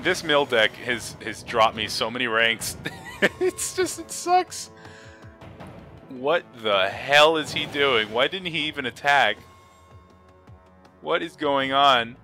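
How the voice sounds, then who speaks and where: A young man giving casual, excitable commentary on his own card game, swinging from low mutters to high yelps, laughing and swearing. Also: takes it slowly, long pauses, faint music behind. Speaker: gaming video host.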